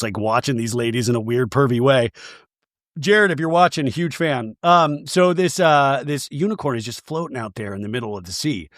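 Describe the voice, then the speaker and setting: A man with a fairly high voice hosts a comedy recap podcast, riffing and tossing out jokey asides as he goes. The sound is close and dry, with no room around it. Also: a bit bright, dry recording. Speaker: podcast host.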